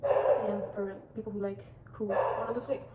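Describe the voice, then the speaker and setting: Giving casual advice a little fast, a teen girl vlogs in a chatty, rambling way, often restarting, circling back, and saying "like." Her tone stays level with little rise and fall. Echoey room sound and clear background noise fill the recording.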